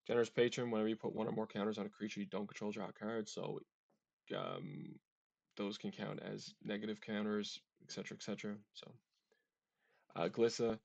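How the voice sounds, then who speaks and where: A man's voice: on the low side, creaky, a little mellow, dry recording. A man hosting a casual card-game deck walkthrough, chatty and often tripping over card names. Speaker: deck tech host.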